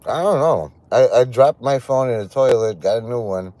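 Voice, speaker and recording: Animated, rambling male streamer. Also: medium pitch, normal speed, dry recording. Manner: rambling, joking, lively intonation. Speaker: livestream host. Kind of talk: casual livestream chat.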